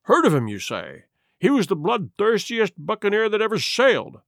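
Hot-headed old squire, played by a male narrator: loud, exclamatory, lively pitch swings. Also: normal speed, gravelly, dry recording, clean studio sound, full character voice. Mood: indignant. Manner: exclamatory, blustering.

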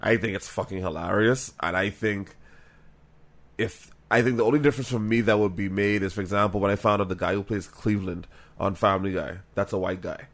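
Low-voiced co-host from the Bahamas, rambling and swearing, casual talk. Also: male voice, steady tone, brisk. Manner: rambling, profane, thinking aloud. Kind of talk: casual chat.

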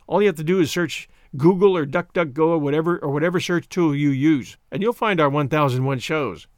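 A man's voice: fairly high pitch, brisk, dry recording, clean studio sound. A man hosting a podcast, giving a scripted sign-off with thanks to listeners in an upbeat announcer manner. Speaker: podcast host.

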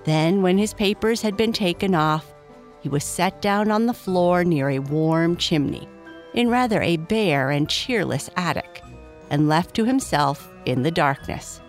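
A woman reading a children's story aloud, gently lifting her pitch for the characters. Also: expressive, measured pace, soft background music.

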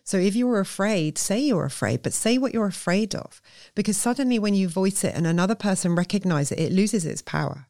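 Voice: mid-range voice, animated, a little fast, creaky, darkish tone, dry recording, studio quality. A therapist, explaining earnestly and emphatically in a conversational interview. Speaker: therapist guest.

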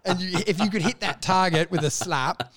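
An excitable, sweary man who is a comedian co-hosting a podcast in casual chat. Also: high-pitched. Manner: excitable, sweary, quick to laugh.

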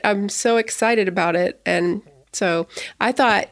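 A woman in her thirties hosting a podcast, chatting in a rambling, excitable way with frequent restarts. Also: mid-range voice, normal speed, no echo, clean studio sound. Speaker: podcast host. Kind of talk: casual podcast chat.

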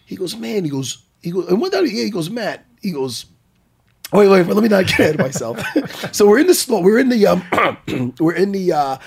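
A man's voice: sits high, very animated, moderate pace, vocal fry, husky. A man hosting a podcast, telling a story animatedly, swearing often and laughing his way through it.

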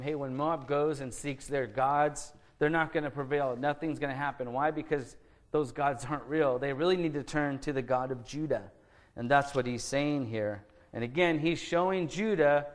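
A pastor delivers an expository sermon in a middle-pitched male voice. He reads scripture passages aloud slowly and deliberately, then moves into plain, conversational explanation. He keeps the congregation engaged with rhetorical questions.

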